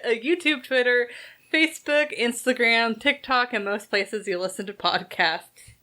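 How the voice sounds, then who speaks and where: A woman's voice: fairly high pitch, steady tone, moderate pace, bright, forceful tone. A woman hosting a podcast, talking casually about a film with hesitant phrasing and many fillers. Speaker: podcast host. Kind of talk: casual movie review chat.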